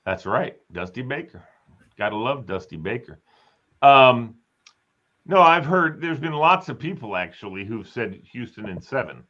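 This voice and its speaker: A man's voice: medium pitch, very animated, measured pace, sharp tone, dull audio. A man hosting a casual group chat, talkative and teasing his guests. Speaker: host.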